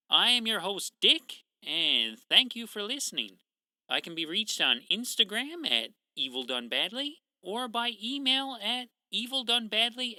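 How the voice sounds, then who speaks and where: A man from Atlantic Canada with a very bright, cutting voice and the accent of his home region, hosting a true crime podcast on his own. He talks with lively, swinging intonation, dry and sarcastic, swearing freely and tossing in dark jokes. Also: high voice, no room sound, poor audio. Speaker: podcast host.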